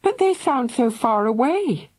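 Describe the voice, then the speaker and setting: A worried mother calling out to her trapped children, voiced by a woman reader. Her voice is high and lively in pitch. The recording is close and dry. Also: measured pace, no room sound. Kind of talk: audiobook character voice.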